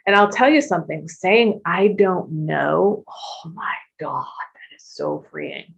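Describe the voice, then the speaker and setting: A woman in her fifties sharing her recovery story frankly and expressively, with casual swearing and quick asides. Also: lowish voice, expressive, vocal fry. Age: 50s. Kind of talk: candid personal testimony. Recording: dull lo-fi recording.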